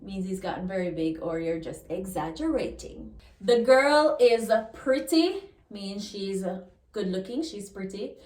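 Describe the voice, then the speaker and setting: A woman with a Jamaican accent teaching a language lesson, slowly repeating example words. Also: medium pitch, expressive, a little mellow. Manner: slow and deliberate, repeats example words, laughs now and then. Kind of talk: lesson explaining pronunciation rules. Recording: echoey room.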